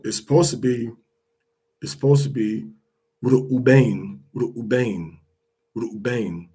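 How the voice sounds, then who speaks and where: A man's voice: on the low side, darkish tone, breathy edge. A man teaching a language lesson, patiently repeating each pronunciation several times.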